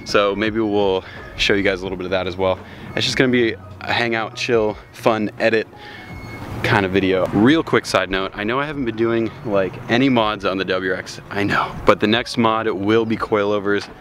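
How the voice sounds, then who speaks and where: A man's voice: on the low side, moderate pace, a bit bright. A young man casually vlogging about his car, upbeat and chatty, laughing often. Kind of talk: casual vlog talk. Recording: outdoor noise with crickets.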